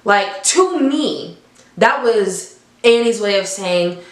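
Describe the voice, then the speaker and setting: A young adult woman reviewing a film in a casual, animated storytelling way, often laughing between points. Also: medium pitch, slow. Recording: echoey room.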